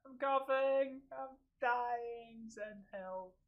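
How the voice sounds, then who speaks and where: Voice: mid-range voice, drawn-out words, muffled recording. A streamer giving casual gameplay commentary, swearing freely, laughing often and breaking into sudden yelps.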